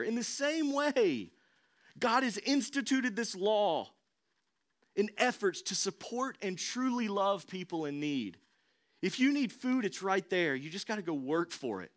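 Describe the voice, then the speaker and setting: A man's voice: sits high, fairly bright tone. Emphatic young male pastor preaching. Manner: emphatic, repeats key phrases, asks the congregation questions. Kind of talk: sermon.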